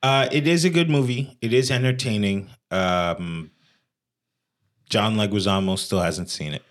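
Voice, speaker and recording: Man, low voice, podcast co-host, laid-back, emphatic. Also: measured pace. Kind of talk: casual chat.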